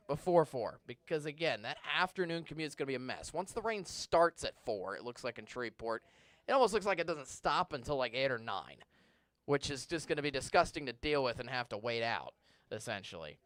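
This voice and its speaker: Fielding viewer questions on a live weather broadcast from a TV studio, this meteorologist talks conversationally and occasionally trips over words, restarting as he hunts for the right ones. His voice is a little high with a fairly bright tone and no room sound.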